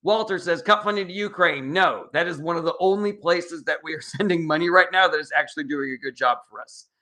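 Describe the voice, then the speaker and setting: Brief: young male streamer, fairly high, bright voice, combative, reads chat and fires back answers. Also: fairly quick. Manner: blunt, combative and sarcastic with commenters, swears freely. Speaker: political livestream host answering chat. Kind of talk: casual livestream Q&A, reading chat comments aloud.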